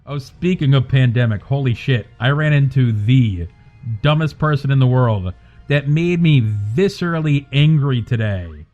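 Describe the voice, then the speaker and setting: A young man chatting casually on a live stream, animated and quick to rant, with plenty of swearing. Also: mid-range voice, highs cut off, soft background music.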